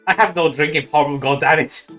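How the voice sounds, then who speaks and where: A boozy male bird prophet with a put-on Irish accent, voiced by a man, booming out solemn warnings of doom. His tone rings bright and forward. It is a comedic game dub delivered with mock gravity. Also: fairly quick, faint music behind. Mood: mock grave. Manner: mock-solemn, theatrical proclamations.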